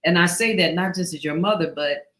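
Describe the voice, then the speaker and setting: A woman's voice: lowish voice, a little fast, a bit bright. A woman hosting a casual live talk with her grown daughter. She reads out viewer messages and speaks in an earnest, affirming way, often trailing off mid-sentence. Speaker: host, mother of guest.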